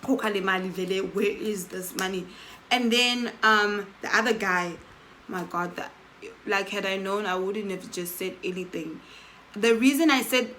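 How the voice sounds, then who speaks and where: A woman's voice: mid-range voice, slight background noise, poor audio. A woman telling a casual story-time tale, acting out the quoted dialogue of the people in it. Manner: animated, acts out quoted dialogue with "I'm like". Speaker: storytelling vlogger.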